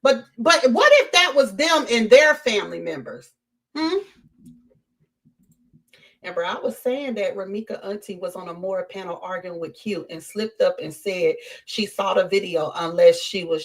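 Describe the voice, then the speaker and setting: A woman hosting a casual live-stream, talking straight to her chat in an animated way and repeating her points for emphasis. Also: medium pitch, normal speed. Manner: animated, repeats herself, addresses chat directly. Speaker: livestream host.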